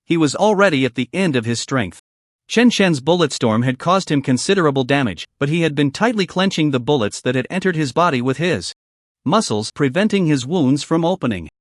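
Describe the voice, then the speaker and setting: A man reading a scripted story recap in a steady narrating voice. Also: on the high side, fairly quick, dry recording, clean studio sound.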